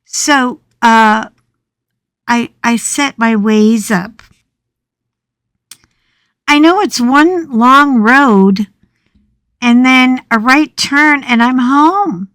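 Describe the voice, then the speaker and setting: A middle-aged American woman telling a story in a chatty, animated way as she talks on her craft channel. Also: fairly high pitch, very slow, long pauses, no room sound, studio quality. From United States. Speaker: craft vlogger. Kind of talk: casual storytelling chat. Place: small home craft room.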